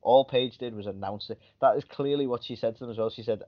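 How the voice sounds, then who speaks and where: A man's voice: mid-range voice, fairly even intonation, fast talker, hardly any pauses. A man co-hosting a podcast, chatting casually about wrestling in a rambling, griping way. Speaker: podcast co-host. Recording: dull lo-fi podcast audio.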